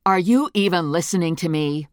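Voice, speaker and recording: A woman voicing a pushy, frantic female friend who is loud, bossy and impatient. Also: expressive, normal speed, no room sound, studio quality, natural voice. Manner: impatient, shrill, shouting.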